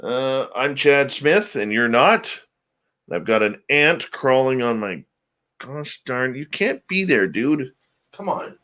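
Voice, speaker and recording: A male show host talking in an unhurried, easy drawl while he chats with viewers before the show. His voice is bright and forceful, and he greets people by name and mutters little asides to himself. His pitch sits at an ordinary middle range for a man. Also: expressive. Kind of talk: casual pre-show chat with live viewers.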